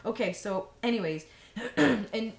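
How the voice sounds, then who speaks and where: A woman's voice: on the high side, expressive, slow, gravelly. Rambling woman vlogger, echoey room. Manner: rambling, many fillers and restarts, frank. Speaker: vlogger giving vegan advice. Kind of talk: casual advice monologue. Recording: echoey room, faint noise.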